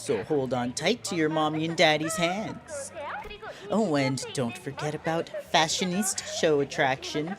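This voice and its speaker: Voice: mid-range voice, close to an everyday voice. A streamer reading as a showy carnival attraction host. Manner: showy announcer delivery. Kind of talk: reading game dialogue aloud on stream.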